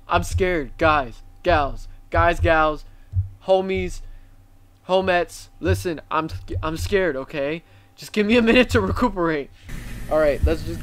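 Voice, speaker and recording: A man's voice: fairly high pitch, measured pace, a bit bright. A man hosting a reaction video, swearing and exclaiming in fright as he watches. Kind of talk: casual reaction commentary.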